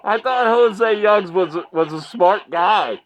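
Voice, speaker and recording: An online commentary vlogger with a high-sitting voice speaks slowly, mocking his subject and laughing often. He repeats phrases the way a ring announcer would.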